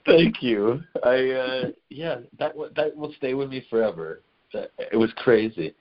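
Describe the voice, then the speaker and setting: A man hosting a podcast, telling a story in a loose, animated way, swearing often and laughing mid-sentence, on a dull lo-fi recording. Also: mid-range voice, unhurried. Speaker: podcast host. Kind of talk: casual storytelling chat.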